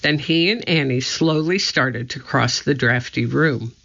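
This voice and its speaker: A narrator reading a children's chapter book aloud in a slow, deliberate way. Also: mid-range voice, gravelly, fairly bright tone. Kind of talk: storybook reading. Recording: muffled lo-fi recording.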